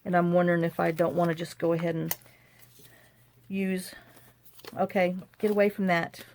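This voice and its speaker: A woman's voice: on the low side, flat delivery, moderate pace, a little mellow. Chatty woman crafting at home. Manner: chatty, folksy, talks to herself as she works. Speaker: craft vlogger. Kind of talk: casual chat while crafting.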